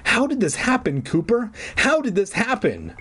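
A man voicing a frightened girl who has turned into a chipmunk, shrill and panicky. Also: huge pitch swings, normal speed, pushed and bright, husky, full character voice. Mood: distressed.

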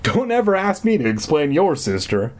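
Suspicious mom, high and dry, husky, as a man puts her on. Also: very animated, normal speed, a little mellow. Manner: dry, raised voice. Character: worried mother, dry and suspicious.

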